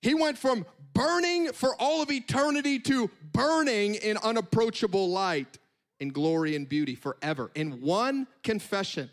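A man delivering a sermon from the pulpit, his voice sitting high for a man. He talks in a lively, conversational way, breaking off for quick asides as he makes his points. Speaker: preacher.

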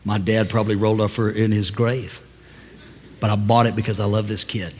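Older male pastor, storytelling sermon, quiet asides building to loud preaching, long church reverb, faint room noise. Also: lowish voice, flat delivery, a little fast. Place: large church hall.

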